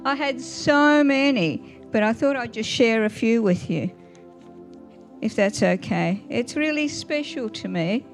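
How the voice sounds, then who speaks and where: On the high side and unhurried, an older woman's voice shares family stories over soft background music. As a guest speaker for a Mother's Day church talk, she laughs lightly and keeps asking the congregation questions.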